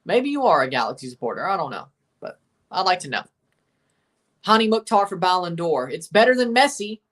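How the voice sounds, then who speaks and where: A man's voice: high-pitched, sing-song, a little fast, a bit bright. Chatty man with a Mississippi accent. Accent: Southern US, Mississippi. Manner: chatty, opinionated, rambling, answers chat messages. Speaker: livestream host. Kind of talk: casual livestream watchalong commentary, reading chat.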